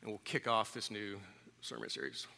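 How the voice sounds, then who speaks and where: A man's voice: lowish voice, sing-song, moderate pace, vocal fry, sharp tone. Candid conversational man preaching in a hall. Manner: candid, conversational, self-deprecating. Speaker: pastor. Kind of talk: sermon. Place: church sanctuary.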